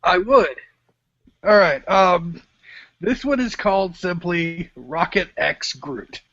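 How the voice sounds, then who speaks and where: A man on a comedy podcast reading his own absurd fan fiction aloud in a deadpan way, with pauses and ums. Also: high voice, dull audio. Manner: reads slowly, with pauses and ums.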